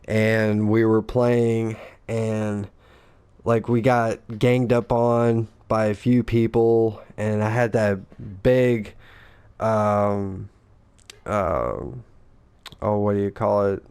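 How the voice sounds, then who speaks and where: A man's voice: lowish voice, level tone, drawn-out words, darkish tone, clear, resonant tone. A man and father, co-hosting a casual gaming chat, rambling and profane, acting out the lines people said. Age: adult father. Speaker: gaming podcast co-host.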